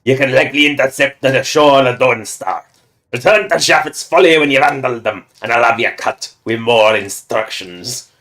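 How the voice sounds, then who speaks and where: A man's voice: mid-range voice, fairly bright tone, natural voice. A man doing a hammy pirate voice. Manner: mock pirate voice, slow and hammy. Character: pirate captain reading orders in a bad pirate accent.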